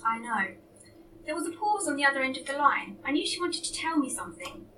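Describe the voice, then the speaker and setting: A woman's voice: high-pitched, very animated, fast talker, fairly bright tone, recorded from a distance, a little hiss or hum, low-quality recording. A woman reading a story aloud as narrator, in a dry, understated way. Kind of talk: audiobook reading.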